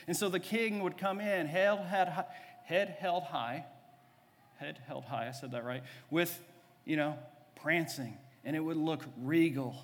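A male pastor preaching in a high voice, telling a story with humor. He drops to a hush and then builds up again. His words carry a long reverb through a large church hall. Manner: storytelling, humorous, swings between hushed and rising. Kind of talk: sermon.

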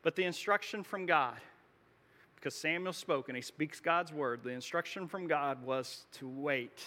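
High, bright-voiced man preaching in a hall. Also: normal speed. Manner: conversational preaching with restarts. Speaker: pastor. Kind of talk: sermon. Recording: long hall reverb.

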